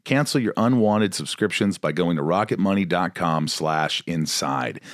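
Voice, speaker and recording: Deep-voiced man doing a chatty ad read. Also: expressive, normal speed, few pauses, no room sound, clean studio sound. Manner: chatty, upbeat, conversational. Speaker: podcast host. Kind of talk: casual sponsor read.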